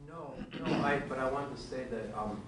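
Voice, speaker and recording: A man's voice: mid-range voice, moderate pace. Hesitant man speaking from far off. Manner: hesitant, polite disagreement. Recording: roomy, distant from the mic.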